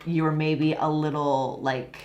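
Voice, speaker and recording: Brief: woman from LA, low-pitched, chatty teacher with plenty of "um" and "like". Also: flat delivery, slow pace, darkish tone, lo-fi sound. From Los Angeles, USA. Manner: chatty, explains with many fillers. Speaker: English teacher and co-host. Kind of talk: casual explaining chat.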